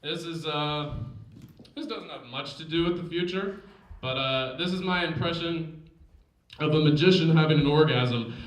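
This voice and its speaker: A man performing a stand-up set, introducing his bits in a deadpan tone on a comedy stage. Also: a little high, normal speed. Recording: echoey stage mic.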